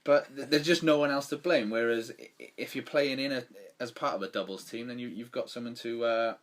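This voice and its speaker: Male podcast co-host, chatty and rambling, with a mid-range pitch. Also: brisk. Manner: rambling, with many restarts. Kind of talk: casual sports chat.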